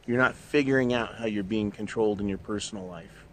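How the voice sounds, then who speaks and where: Speaking briskly in a fairly low, fairly bright voice, a middle-aged man hosts his own show and rants his way through a blunt, profanity-heavy opinion piece.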